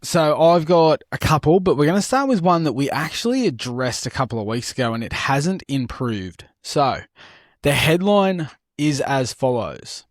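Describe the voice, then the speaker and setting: A man's voice: fairly high pitch, normal speed, no echo, clean studio sound. A man co-hosting a sports podcast, swearing and joking wryly, reading out spoof headlines. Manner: swearing, wry and deadpan. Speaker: podcast co-host. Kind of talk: casual chat, reading comic fake news.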